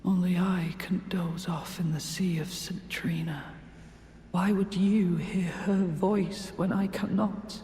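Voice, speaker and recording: An actor playing a devoted man who drifts into poisoned sleep, speaking softly and languidly. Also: sits high, steady tone, takes it slowly, a little hiss or hum. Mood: resentful. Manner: soft, languid, drowsy. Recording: echoey game dialogue with long reverb.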